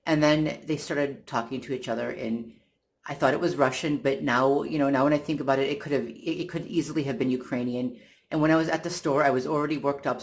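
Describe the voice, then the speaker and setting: A vlogger telling a personal story in a casual, halting way, with frequent restarts and repeated words, sounding irritated and exasperated. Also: mid-range voice. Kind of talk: casual first-person account.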